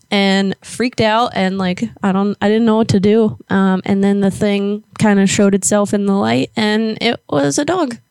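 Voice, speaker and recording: A woman's voice: medium pitch, steady tone, normal speed, few pauses, a little mellow, clear, resonant tone, no room sound. A woman from Florida with a mid-range voice, co-hosting a casual live show. She tells stories bluntly and candidly, swearing without fuss, and the sound is dry and close. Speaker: podcast co-host. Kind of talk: casual live-stream chat.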